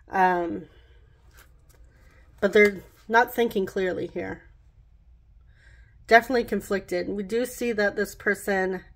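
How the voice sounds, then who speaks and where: Chatty woman giving a tarot reading. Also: mid-range voice. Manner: chatty, rambling, laughs at herself. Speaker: tarot card reader. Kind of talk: casual pick-a-card tarot reading.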